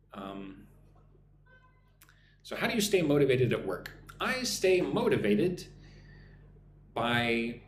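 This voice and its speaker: Lively American man teaching English live. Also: medium pitch. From United States. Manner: reads viewer comments aloud and drills pronunciation slowly. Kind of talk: live-stream English lesson, reading chat. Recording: echoey room with faint noise.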